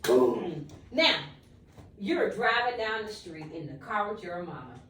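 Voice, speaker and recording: A woman's voice: medium pitch, big pitch swings, normal speed, pushed and bright, slight background noise. A woman teaching young children punctuation, playful and encouraging. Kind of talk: classroom teaching. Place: classroom. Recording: roomy classroom from far off.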